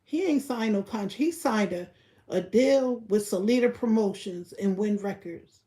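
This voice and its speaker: A young woman giving blunt, profane gossip commentary on a live stream, repeating her points and breaking into loud laughter. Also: mid-range voice, normal speed. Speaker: livestreamer.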